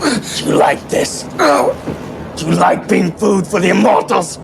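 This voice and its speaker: An actor playing a menacing male vampire, with a quick, low, taunting delivery in a film scene, heard as a noisy clip played back. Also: sing-song, gravelly, full character voice. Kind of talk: film drama dialogue.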